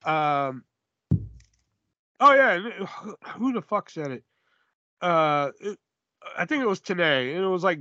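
A man co-hosting a podcast, chatting casually and profanely about wrestling, rambling and animated. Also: high-pitched, unhurried, long pauses, no echo, dull audio. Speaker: podcast co-host. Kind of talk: casual wrestling review chat.

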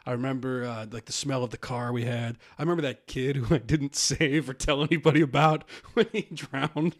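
A comedy podcast co-host rambles casually, laughs often, and quotes people in put-on voices. He speaks at a moderate pace, with a medium-pitched, steady tone.

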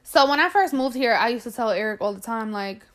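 A woman's voice: on the high side, animated, fairly quick, fairly bright tone. A young woman from New York with a New York accent, co-hosting a casual chat, swearing freely and laughing often. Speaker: podcast co-host.

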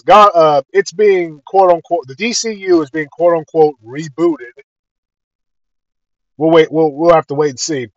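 A man's voice: on the high side, dry recording, highs cut off. A man ranting bluntly and profanely to his viewers in a casual video, airing heated opinions. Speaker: video creator. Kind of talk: casual rant to camera.

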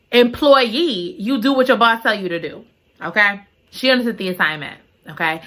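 A woman with a bright, forceful voice tells a story to her viewers in loose, slangy talk. She builds drama as she goes and breaks out into loud exclamations of disbelief. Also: medium pitch. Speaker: book recap vlogger. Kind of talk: casual story recap.

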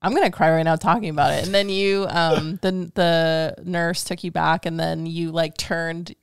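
Gravelly-voiced woman telling a story on a podcast. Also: deep voice, steady tone, moderate pace, no echo, studio quality. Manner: chatty, storytelling, emotional, laughs easily. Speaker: podcast co-host. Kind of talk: casual podcast chat.

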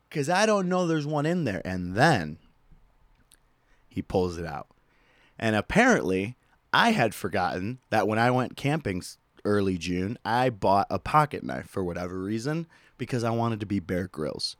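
Animated man telling a story. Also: fairly low pitch, moderate pace, no echo, clean studio sound. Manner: animated, profane, laughing asides. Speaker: podcast host. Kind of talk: casual storytelling.

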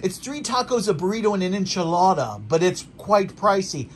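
A man voicing his stingy, grouchy male boss in a story, a bit deeper and slower than his own voice. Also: sing-song, a little hiss or hum. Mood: smug.

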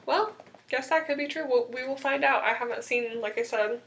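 A woman's voice: sits high, a little fast, fairly bright tone, slight background noise. A young woman chatting casually, recapping a TV episode and acting out quotes with sarcasm.

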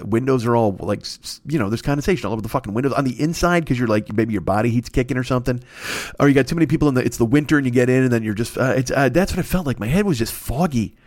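In a medium-pitched, slightly mellow voice, a podcast host on the mend from a cold rambles through a comic monologue. He keeps interrupting himself and cursing constantly. The studio-quality audio has no room sound.

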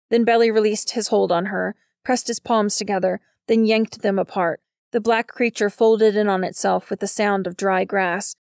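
A woman reads a novel aloud at a steady, measured pace. Her voice has a gravelly, creaky grain. The recording is close and dry, with no room sound. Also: mid-range voice, no echo. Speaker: narrator. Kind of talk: audiobook narration.

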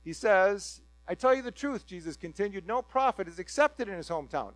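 A man delivers a sermon as a lively story, rising into excited bursts as he acts out the crowd. His voice sits high for a man, and the sound is dry and close with a low mains hum beneath it. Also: brisk, no room sound. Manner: animated storytelling, voicing the crowd's reactions. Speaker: preacher.

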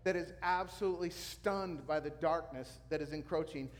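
A male pastor preaching a sermon, telling a story with lively sound effects. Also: on the high side, moderate pace, in a large hall, slight background noise.

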